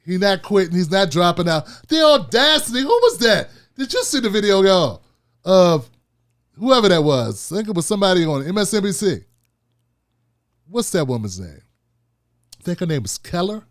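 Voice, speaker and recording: High-voiced male political commentary host. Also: moderate pace. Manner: animated, repetitive, street-casual.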